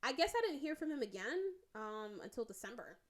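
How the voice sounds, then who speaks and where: A woman in her twenties hosting a podcast and telling a personal story in a casual, animated way, swearing freely and imitating the people she quotes. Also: on the high side, brisk. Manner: mimics people in quoted dialogue, voice jumping up and down. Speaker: podcast host.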